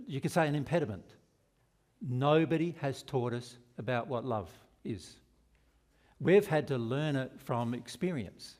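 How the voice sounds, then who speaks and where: A man with an Australian accent giving a spiritual seminar, earnest and asking the audience rhetorical questions. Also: medium pitch. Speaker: spiritual teacher.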